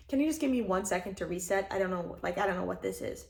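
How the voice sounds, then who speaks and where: A woman's voice: mid-range voice, fairly even intonation, quick pace, creaky. Chatty young woman talking through feelings. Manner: conversational, reflective, with frequent fillers and restarts. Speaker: host. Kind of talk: casual self-help talk to camera.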